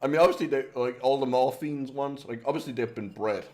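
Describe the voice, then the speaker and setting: A man's voice: medium pitch, a little fast, mellow. A man from Denmark co-hosting a casual podcast, joking and giggling, filling his talk with "like". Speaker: podcast co-host. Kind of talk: casual group chat. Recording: faint background noise.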